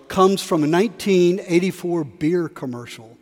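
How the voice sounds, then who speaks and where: A man preaches in a cathedral, his slightly high voice carrying a long echo through the stone space. He tells stories with shifting emphasis and briefly acts out the quotes. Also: unhurried, darkish tone. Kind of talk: sermon. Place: large cathedral.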